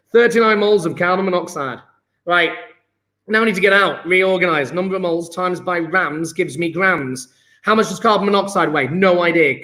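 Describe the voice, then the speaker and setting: Upbeat, high-voiced male chemistry teacher. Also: fairly bright tone. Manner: upbeat, chatty, praising students as he works sums aloud. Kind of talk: live online exam-prep lesson.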